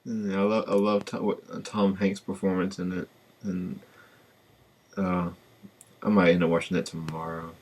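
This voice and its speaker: A man with a very low voice hosts a casual podcast. He talks in a relaxed way, pausing often and restarting his sentences as he thinks. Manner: relaxed, hesitant, many fillers and restarts. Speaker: podcast host. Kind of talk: casual chat.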